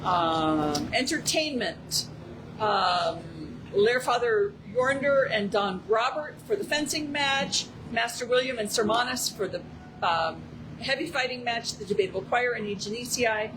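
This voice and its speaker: A woman with a somewhat high voice reads out thanks at a court ceremony, slowly and haltingly, filling her pauses with ums. The noise of the gathered crowd is clearly heard behind her. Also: animated. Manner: halting, with many fillers. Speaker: court herald. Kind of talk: reading ceremonial thank-yous.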